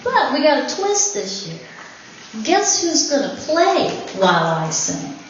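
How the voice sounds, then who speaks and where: A woman's voice: high-pitched, big pitch swings, unhurried, slight background noise. A woman giving an informal speech at her anniversary party in a winery event room, joking and laughing often. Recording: very echoey, dull room recording with ambience.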